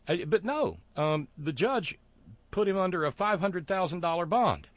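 A man's voice: high voice, lively intonation, no echo. Sardonic man hosting a monologue show. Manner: sardonic, wry, halting with fillers. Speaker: commentary show host.

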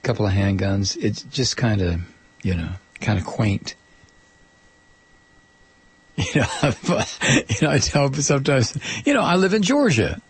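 A man hosts a talk radio show, rambling through jokes with frequent ums and restarts. His voice is gravelly with a husky, rough texture. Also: mid-range voice, big pitch swings, moderate pace. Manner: rambling, joking, many fillers and restarts. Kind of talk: casual talk radio monologue.

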